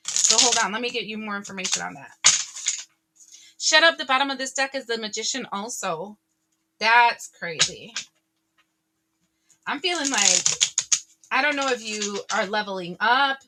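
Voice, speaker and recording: Woman tarot reader, fairly high voice, bright and lively, casual chat with viewers. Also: normal speed. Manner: chatty, animated, laughs often, exclaims.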